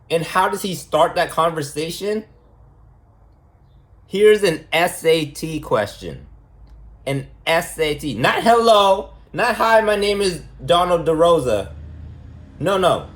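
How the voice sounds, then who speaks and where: Guy rambling slow and mocking, keeps repeating himself, pitch jumps all over. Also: animated. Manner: repetitive, mocking, emphatic. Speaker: preschool teacher giving a lesson. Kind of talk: rambling monologue.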